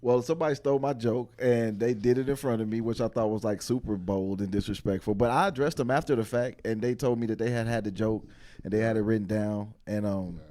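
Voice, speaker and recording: A man's voice: on the low side, brisk, mellow. A man, a comedian on a panel, talking earnestly and emphatically in casual slang. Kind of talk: casual chat.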